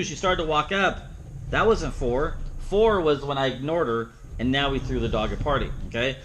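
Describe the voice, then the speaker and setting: A man's voice: on the high side, fairly bright tone, slight background noise, poor audio. A man teaching a dog training seminar, plain-spoken, who acts out the dog's thoughts in playful asides. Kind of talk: seminar teaching with live demonstration.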